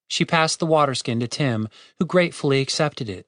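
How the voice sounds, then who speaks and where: A man narrating a fantasy audiobook chapter with expressive storytelling. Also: mid-range voice, fairly quick, hardly any pauses, dry recording, studio quality. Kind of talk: scripted narration.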